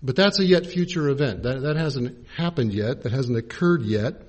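A man preaching a sermon in a measured, teaching way, pausing to spell out original-language words. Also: mid-range voice, animated, darkish tone. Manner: measured, spells out Greek and Hebrew words letter by letter.

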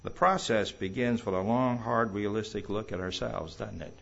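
Man preaching a sermon in a church, gets loud and emphatic on the bible quotes, kinda dull lo-fi audio. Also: lowish voice, normal speed, creaky. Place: church hall.

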